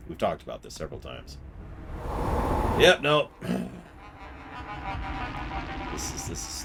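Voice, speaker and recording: A man's voice: very deep voice, wildly swooping pitch, slow pace, creaky, pauses often, a bit bright. A tired man with a sore throat, rambling through opinionated commentary and reading chat aloud during a live game stream.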